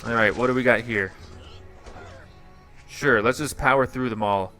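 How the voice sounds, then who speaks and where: A man, a YouTuber, giving excited commentary as he plays a game and often yells at it. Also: mid-range voice, normal speed, soft background music. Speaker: YouTuber reacting to videos.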